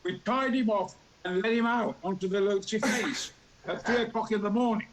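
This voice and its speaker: The audio is poor as a talk show guest in his eighties, hailing from Yorkshire, England, spins his stories at a normal speed. He brings each character to life theatrically, his voice booming and larger than life, with sudden loud outbursts.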